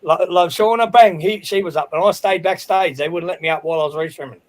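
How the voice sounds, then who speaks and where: High-voiced Australian man telling an angry story. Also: fast talker, rough recording. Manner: heated, profane storytelling with many restarts. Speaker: livestream panel regular. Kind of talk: casual livestream chat.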